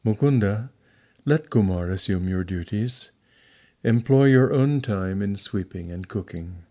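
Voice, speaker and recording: A man reading the lines of a stern elderly guru, speaking calmly and gravely. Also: fairly low pitch, a little slow.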